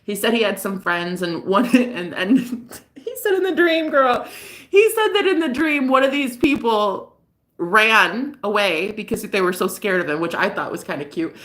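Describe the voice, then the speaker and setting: A woman chatting in a casual, gossipy vlog monologue, animated and profane, often laughing as she talks. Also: mid-range voice, normal speed. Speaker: spiritual reader and vlogger.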